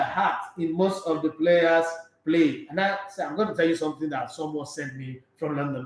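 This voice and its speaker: A man's voice: sits high, a little mellow. A man with a Nigerian accent hosting a sports show, chatting casually with his live viewers in a playful, jokey, talkative way. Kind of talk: casual live-stream chat reading viewer comments. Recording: echoey room sound.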